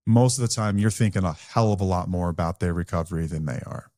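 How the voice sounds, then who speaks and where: A man with a fairly low voice talks in a blunt, earnest, candid way as a podcast co-host. The sound is dry and close, with no room echo. He speaks plainly and with conviction. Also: fast talker, darkish tone. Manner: blunt, earnest, speaks from his own recovery. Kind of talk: candid conversational podcast talk.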